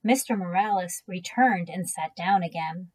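A woman reading a children's book aloud in a gentle, unhurried storytelling manner. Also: lowish voice, rough recording. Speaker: reader.

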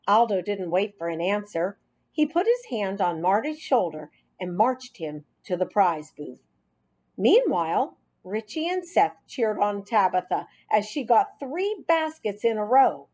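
A woman reads a children's storybook aloud. She takes her time, and her pitch moves a great deal as she acts out the tale. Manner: expressive, unhurried. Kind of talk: children's book read aloud.

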